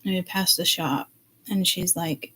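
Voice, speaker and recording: A woman's voice: on the low side, unhurried, fairly bright tone, husky, low-quality recording. A middle-aged woman doing a casual, rambling tarot reading, chatty and blunt, swearing freely as she talks. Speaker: psychic tarot reader.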